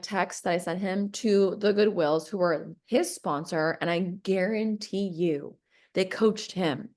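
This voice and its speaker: Woman, casual storytelling, acts out both sides of conversations, laughs a lot, mid-pitched voice. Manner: animated, reenacts conversations, laughs often.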